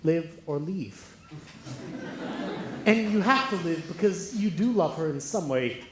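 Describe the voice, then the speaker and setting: A wry, rambling musical-theatre fan talks confidingly to the audience, as a man plays him on stage. His voice sits at an ordinary pitch. It rings out through a very echoey hall with faint noise behind it. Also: animated, takes it slowly.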